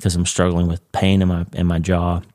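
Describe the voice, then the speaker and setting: A Christian teacher leading a weekly series gives conversational faith teaching in a deep, monotone, congested voice, suffering from jaw pain. He speaks at normal speed with a darkish tone, earnest and explanatory, sometimes restarting. The recording is dry, with clean studio sound.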